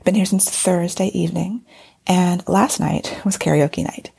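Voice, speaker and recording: A woman hosting her podcast in a casual, rambling monologue, hoarse because she is losing her voice. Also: on the low side, fairly even intonation, a little slow, warm tone. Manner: chatty, rambling with fillers and restarts. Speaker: podcast host. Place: at a convention, indoors.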